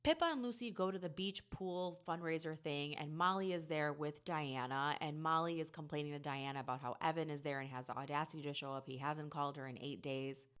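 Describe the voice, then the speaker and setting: A woman giving a casual, chatty recap of a TV episode, full of "like" and quick paraphrased asides from the characters. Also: low-pitched, smooth. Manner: chatty, filler-heavy "like" storytelling. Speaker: TV recap host.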